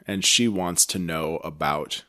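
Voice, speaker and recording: A man's voice: low voice, fairly even intonation, unhurried, sharp tone. A man co-hosting a podcast, recapping a TV episode in a rambling, self-correcting casual chat. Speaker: podcast co-host.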